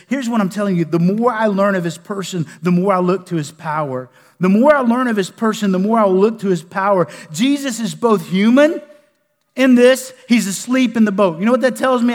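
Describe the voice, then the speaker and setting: A man preaching a folksy sermon, his high voice sinking to a near hush and then rising into loud bursts. The sound rings with the long reverb of a large hall. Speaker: pastor.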